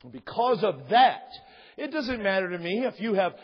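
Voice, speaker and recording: A man preaching a sermon as pastor, impassioned and rising in emphasis, with a voice that is wearing out and husky. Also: high-pitched, very animated, normal speed, big-room sound, muffled recording. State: losing his voice. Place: church sanctuary.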